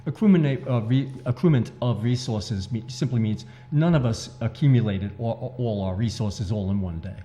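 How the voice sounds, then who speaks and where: Male guest author, mellow and dark, earnest, hammers home his points. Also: mid-range voice, moderate pace, few pauses. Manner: earnest, emphatic, repeats key points. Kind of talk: interview talk.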